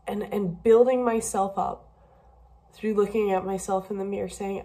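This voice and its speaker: A woman's voice: medium pitch, steady tone, moderate pace, mellow. A young woman talking candidly in a personal video diary, emotional and a bit rambling, tearful at times. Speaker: vlogger.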